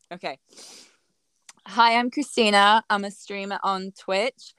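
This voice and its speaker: A laid-back woman with a smooth, clear voice, chatting loosely on a podcast. She laughs easily and swears casually as she talks. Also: mid-range voice, slow pace, fairly bright tone. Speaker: podcast co-host. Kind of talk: casual chat.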